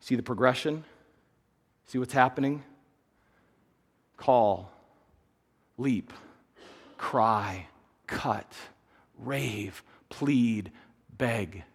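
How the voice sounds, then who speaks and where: A man pastor preaching a sermon, dropping to hushed low lines and rising into loud, raised bursts. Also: extremely slow, gravelly, pauses often, breathy edge. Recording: long hall reverb.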